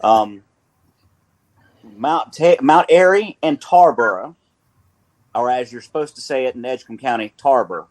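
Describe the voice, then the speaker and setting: A man's voice: medium pitch, a little slow, pauses often. A man hosting a sports radio show with a North Carolina accent, talking in a playful, rambling way and correcting himself as he goes.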